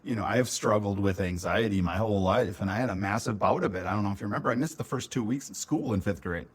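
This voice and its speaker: A man's voice: fairly low pitch, fast talker, husky. A middle-aged man from Minnesota, co-hosting a podcast and telling childhood stories in a casual chat with an old friend, laughing often. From Minnesota, USA. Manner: animated storyteller, laughs often. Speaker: podcast co-host.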